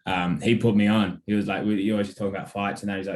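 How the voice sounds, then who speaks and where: Aussie guy on a podcast, kinda low voice, chatty, swears a bit, says like a lot. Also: little pitch movement, quick pace, darkish tone, roomy sound. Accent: Australian. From Australia. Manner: loose and casual, heavy on fillers and swearing. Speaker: sports manager, podcast guest. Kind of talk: casual interview storytelling.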